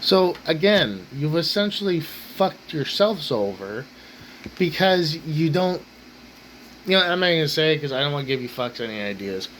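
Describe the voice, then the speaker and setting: A man's voice: fairly high pitch, sing-song, moderate pace, fairly bright tone, slight background noise, rough recording. A man hosting his own rant channel, talking bluntly and swearing constantly in an angry rant.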